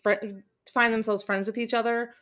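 A woman's voice: on the high side, level tone, moderate pace, a bit bright. Opinionated woman co-hosting a book chat. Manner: thoughtful, opinionated, many fillers. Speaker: podcast co-host. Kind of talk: casual book club chat.

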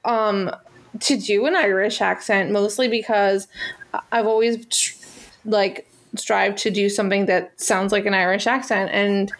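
American woman, actress, casual chat, mid pitch, rambling, lots of um and like. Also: steady tone, measured pace, rough recording. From United States. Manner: rambling, many fillers and restarts. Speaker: actress and podcast guest.

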